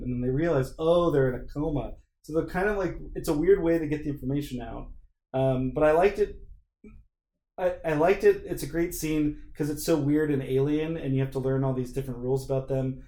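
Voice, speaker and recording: A man hosting a podcast in casual chat, animated and acting out bits of scenes as he talks. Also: fairly high pitch, a little fast. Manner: animated, acts out lines from scenes. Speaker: podcast host. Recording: echoey room.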